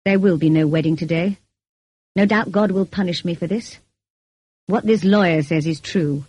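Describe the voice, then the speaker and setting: A stern, brooding gentleman of middle age speaks in short, commanding lines with a bitter edge, as a woman reading an audiobook voices him. The voice is low, mellow and slightly husky, and sits close and dry with no room around it. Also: moderate pace. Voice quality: deep, growling. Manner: curt and bitter.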